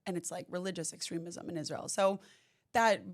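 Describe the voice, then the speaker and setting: An American woman chatting fast and at length as a podcast guest, laughing often. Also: lowish voice. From United States. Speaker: guest, independent journalist and commentator. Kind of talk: casual podcast chat.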